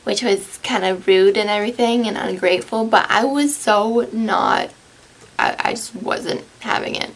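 A woman's voice: on the high side, moderate pace, a bit bright. Sarcastic young woman telling a story. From United States. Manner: sarcastic, self-deprecating, chatty with many "like" fillers. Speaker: vlogger. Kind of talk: casual storytelling to camera.

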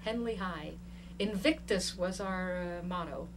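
A woman in her sixties from Tanganyika, giving an oral history interview as an animated storyteller who laughs often while she talks. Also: lowish voice, unhurried. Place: museum interview room. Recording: distant mic with faint background noise.

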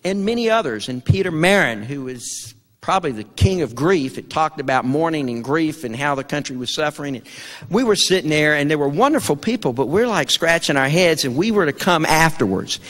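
A man's voice: on the high side, animated, a little fast, a bit bright. An older man with a Southern American accent telling a story to an audience, folksy and stammering, a Vietnam veteran speaker. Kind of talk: storytelling speech at an event. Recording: long hall reverb.

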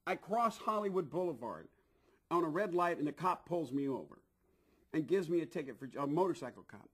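A middle-aged man telling a long anecdote in an interview, animated, acting out what people said, with frequent restarts. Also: on the high side, brisk, husky. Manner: animated, acts out quoted voices, frequent restarts. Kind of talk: anecdotal storytelling.

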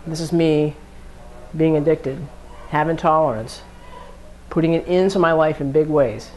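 Woman lecturing on addiction, low-pitched. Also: moderate pace, a little mellow, a little hiss or hum. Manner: conversational, acts out hypothetical inner thoughts. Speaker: addiction educator. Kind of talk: classroom lecture.

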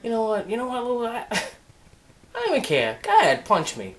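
A woman playing a tired, fed-up man named Richie in a comedy sketch, talking low and flat. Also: a little fast. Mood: weary.

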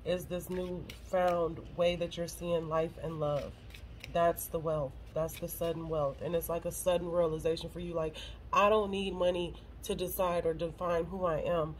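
A woman's voice: on the low side, flat delivery, moderate pace, slight background noise, rough recording. A woman doing a casual tarot reading to camera, blunt and profane and close to tears. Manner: blunt and profane, emotional, swears freely. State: on the verge of tears. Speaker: tarot reader.

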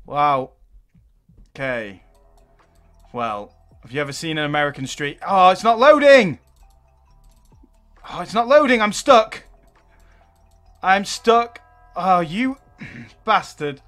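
Young man, gaming commentator; fairly high voice that jumps around a lot, excitable, swears freely. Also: slow, pauses often, soft background music. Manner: excitable, swears and exclaims in frustration. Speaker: gaming YouTuber. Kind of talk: live gameplay commentary.

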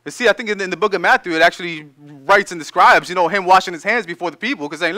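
Bright-voiced preacher man, high and lively. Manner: reads scripture slowly then explains in lively casual asides. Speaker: pastor. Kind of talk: sermon.

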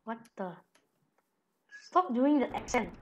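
A woman's voice: a little high, sing-song, takes it slowly, dull audio. A woman hosting a casual gameplay video, chatting playfully with a friend and chanting silly sounds as she plays. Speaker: gaming channel host.

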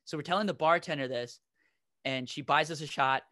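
A man's voice: on the high side, a little fast, sharp tone, no echo, studio quality. A man co-hosting a comedy podcast, telling a rambling anecdote and laughing as he goes. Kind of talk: casual storytelling.

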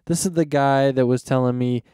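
A man's voice: medium pitch, fairly even intonation, normal speed, mellow, smooth, dry recording, clean studio sound. A teenage man hosting a casual solo podcast, rambling and mocking in slangy talk with frequent cursing. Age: teens. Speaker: podcast host. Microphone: close podcast microphone.

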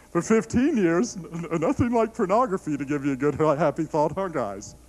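A middle-aged man preaching a sermon, telling stories with animated delivery, laughing and stammering through restarts. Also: on the high side, normal speed, low-quality recording.

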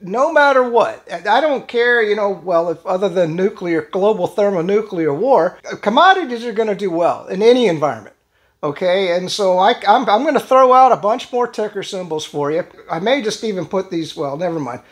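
An older man talks in a loose, rambling vlog style, full of restarts and small chuckles. His voice sits noticeably high for a man. The delivery is folksy and offhand. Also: animated, moderate pace. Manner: chuckles often. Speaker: channel host. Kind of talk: casual vlog commentary.

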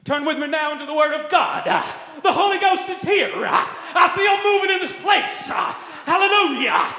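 A man voicing a fiery male televangelist who shouts his sermon and tacks an "ah" onto every phrase. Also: very high voice, animated, moderate pace, pitched above the performer's own voice, heavily acted. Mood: fervent. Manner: bellowing, punctuates phrases with "ah". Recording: reverberant hall.

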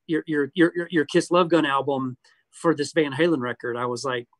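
This man from Georgia, a guest musician on an interview, speaks at a moderate pace in a fairly high voice. He reminisces in a relaxed, candid way, with plenty of profanity, and the recording is dry.

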